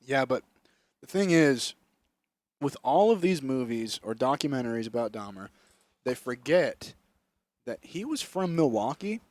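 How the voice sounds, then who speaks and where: A man's voice: medium pitch, big pitch swings, a little slow, pauses often, darkish tone, dry recording. A young man co-hosting a podcast in casual, profane comedic chat, often slipping into mocking voices. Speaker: podcast co-host.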